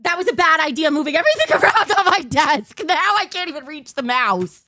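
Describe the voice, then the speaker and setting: A woman's voice: sits high, big pitch swings, fairly quick, sharp tone, dry recording. An overtired woman hosting a casual livestream, rambling and losing her train of thought. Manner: bursts into a mock auctioneer patter. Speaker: livestream host.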